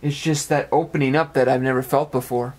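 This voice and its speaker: Young man, earnest personal monologue, rambling and repetitive, flat monotone pitch, mid-range voice. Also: brisk. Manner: earnest, rambling, repeats phrases. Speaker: amateur web radio speaker. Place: apartment.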